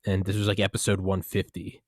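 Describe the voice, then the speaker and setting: A man's voice: low-pitched, completely flat delivery, a little fast, dry recording. A young man hosting a podcast, telling a story casually with lots of swearing, and quoting himself and others. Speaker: podcast host. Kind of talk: casual conversation.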